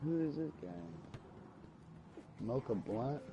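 A man's voice: medium pitch, lively intonation, slow pace, vocal fry, breathy edge, lo-fi sound. A man chatting casually with friends over voice chat during an online game, upbeat and chatty. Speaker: gamer on voice chat. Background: game music.

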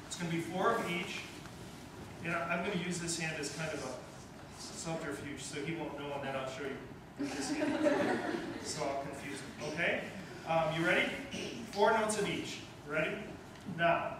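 Male band conductor, high voice, coaching tone, distant and echoey with room noise. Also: animated, normal speed. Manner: coaching, encouraging, sings note syllables. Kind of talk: band rehearsal instruction. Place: school band rehearsal room. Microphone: distant room mic. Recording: echoey room from far off, noisy.

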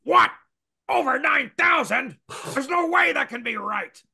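A voice actor putting on brash male anime alien warriors, gravelly and strained, shouting in disbelief. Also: very high voice, lively intonation, measured pace, pitched above the performer's own voice, full character voice. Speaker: voice actor doing his character.

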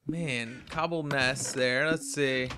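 Worn out and yawning, a man narrates his let's play in loose, chatty commentary, talking to himself as he goes. He speaks slowly in a medium-pitched, sharp voice with fairly even intonation, and there's a little hiss or hum.

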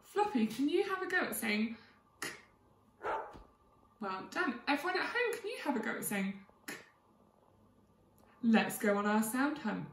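A woman teacher giving a phonics lesson to young children, sounding out letters slowly and clearly in a sing-song way. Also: a little high, big pitch swings, fairly bright tone, recorded from a distance, a little hiss or hum. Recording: echoey room, away from the mic.

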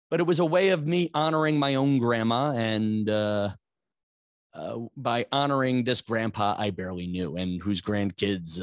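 A man's voice: medium pitch, dry recording, studio quality. Rambling self-mocking male podcast host. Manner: rambling and self-mocking, rising to exasperated outbursts. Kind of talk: comic storytelling monologue.

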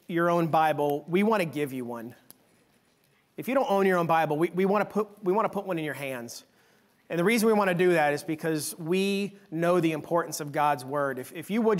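A middle-aged man preaching a sermon in church, earnest, repeating phrases and slowing down on the key words as he reads scripture. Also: high voice. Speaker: guest preacher. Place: church sanctuary.

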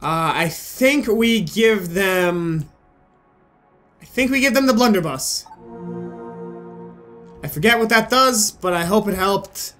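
High-voiced young man doing game commentary. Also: animated, slow pace, long pauses, fairly bright tone. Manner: rambling, joking, swearing freely. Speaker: gaming channel host. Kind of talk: let's-play commentary. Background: faint game music.

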